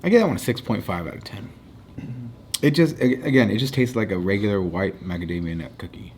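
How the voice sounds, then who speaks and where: A man with a fairly low voice talking through cookie ratings in an easygoing way. He slows down to announce each score and chats loosely in between. There is a faint background hum. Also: expressive, darkish tone. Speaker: co-host rating food. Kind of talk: casual food review chat.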